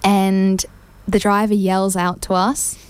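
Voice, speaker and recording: A woman who is a radio guest tells a story in a casual, animated way, laughing as she goes. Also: medium pitch, takes it slowly, smooth. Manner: animated, laughing through the telling.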